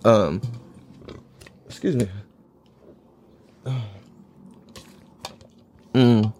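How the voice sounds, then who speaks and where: A man's voice: fairly low pitch, drawn-out words, a little mellow, a little hiss or hum. A man in his thirties telling a long, rambling, profane story in a laid-back way, laughing often. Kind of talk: casual storytelling monologue.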